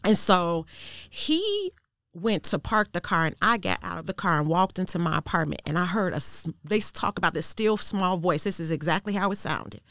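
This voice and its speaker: A woman guest sharing a personal testimony in an interview, telling it in an earnest, measured way that goes quiet at the tense parts. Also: lowish voice, expressive, dry recording, clean studio sound. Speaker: podcast guest.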